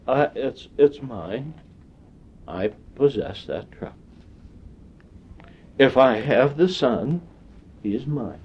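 A man preaching a sermon in a slow, deliberate way, with long pauses between phrases. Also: mid-range voice, a little mellow, breathy edge. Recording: dull lo-fi sound.

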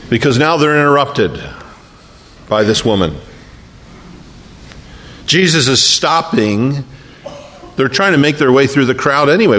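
A man preaching a sermon and telling the story with feeling, often dropping to a slow, quiet hush for emphasis. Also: a little high. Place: church sanctuary. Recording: long reverb of a large hall.

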